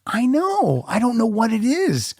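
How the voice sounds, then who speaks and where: A man hosting a podcast, telling a story in a lively, laughing way. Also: very high voice, unhurried, dry recording, studio quality. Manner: animated storyteller, laughs often. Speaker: podcast host. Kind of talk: casual podcast chat.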